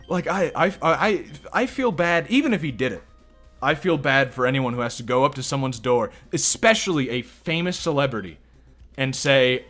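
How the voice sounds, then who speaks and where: A man's voice: medium pitch, lively intonation, normal speed, a bit bright, faint music behind. A young man hosting a let's play, rambling and incredulous in casual game commentary.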